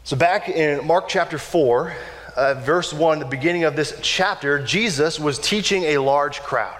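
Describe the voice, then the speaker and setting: A man preaching a conversational sermon, casual and animated, often repeating and restarting words as he acts out quoted lines. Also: a little high, measured pace. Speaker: pastor. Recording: long reverb of a large hall.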